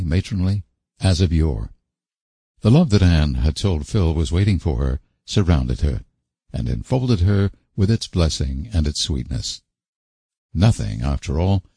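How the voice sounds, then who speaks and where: A man narrating a classic novel as an audiobook, reading in a measured, expressive way. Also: sits low, slightly rough, no echo.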